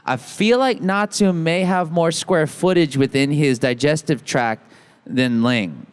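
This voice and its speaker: Slight background noise surrounds this American guest on a convention panel, whose voice is a little high and a little slow. He's playful and joking, rambling with restarts into a handheld mic with a stage monitor in casual banter.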